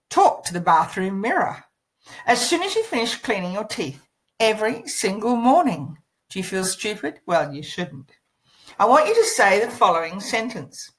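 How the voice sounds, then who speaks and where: A woman's voice: mid-range voice, fairly bright tone, low-quality recording. A woman teaching voice practice as a coach, demonstrating lines with shifting inflections and short sung scales. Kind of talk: instructional lesson.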